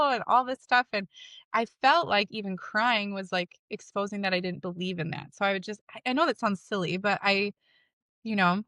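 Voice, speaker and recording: A woman in her thirties talking as a podcast guest, halting, with many fillers and self-conscious asides. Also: mid-range voice, pushed and bright, no echo, studio quality. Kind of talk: casual conversation.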